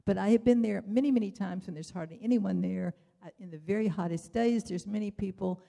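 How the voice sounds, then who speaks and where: A woman's voice: mid-range voice, a little fast, creaky, warm tone. An older woman giving rambling, chatty public testimony at a hearing, full of wry asides.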